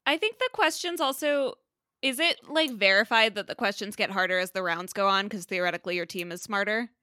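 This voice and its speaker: A woman guesting on a podcast and chatting casually, dropping wry, deadpan remarks. Her voice is bright and crisp, recorded dry and close. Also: mid-range voice, fairly quick, no echo. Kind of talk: casual chat.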